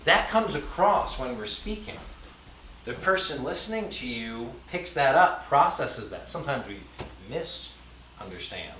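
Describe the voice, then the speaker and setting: A man's voice: medium pitch, sing-song, a little slow, bright, forceful tone. Man, teacher, casual classroom lecture, recorded from across a roomy hall, slight hiss. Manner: conversational, with frequent fillers and rhetorical checks. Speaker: language teacher. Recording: echoey classroom from far off, faint hiss.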